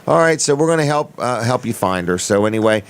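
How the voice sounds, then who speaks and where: A man's voice: mid-range voice, animated, smooth. A man hosting a casual local talk show, agreeing along with guests in short replies. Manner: encouraging, quick agreeing replies. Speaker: host. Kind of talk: casual chat.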